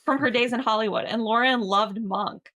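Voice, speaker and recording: A woman's voice: on the high side, normal speed, pushed and bright. A young woman co-hosting a casual podcast, telling anecdotes and laughing. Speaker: podcast co-host. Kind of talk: casual chat.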